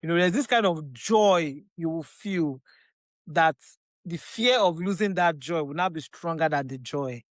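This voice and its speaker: A woman with a Nigerian accent, a podcast guest, telling her story in an animated, emphatic way and often repeating phrases. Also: low-pitched, measured pace, no room sound. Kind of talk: casual chat.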